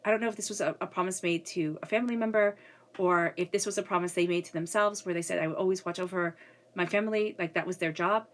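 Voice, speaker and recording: A woman's voice: fairly low pitch, fast talker. A woman giving a casual spiritual reading who is coming down with a cold and speaks earnestly, often repeating herself and checking in with "okay?". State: getting a cold. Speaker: tarot reader.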